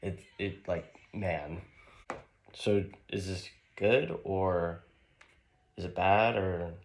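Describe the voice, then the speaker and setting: A man's voice: low-pitched, steady tone, slight background noise. A man playing a pair of young college bros in a skit, trading slangy banter full of "bro" and "man.". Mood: joking banter. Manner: laid-back, drawn-out "bro" and "man" slang.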